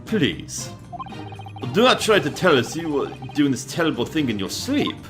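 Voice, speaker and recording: A man's voice: fairly high pitch, very animated, moderate pace. A man voicing a polite, earnest young woman assistant, speaking in stiff formal phrasing over game music. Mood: stern.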